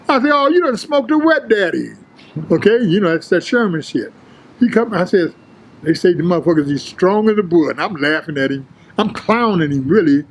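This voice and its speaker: An older man, an interview guest, telling prison and gym stories in a streetwise, profane, animated way, acting out the others' lines. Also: fairly high pitch, low-quality recording. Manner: streetwise, profane, animated retelling with quoted voices. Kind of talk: casual storytelling.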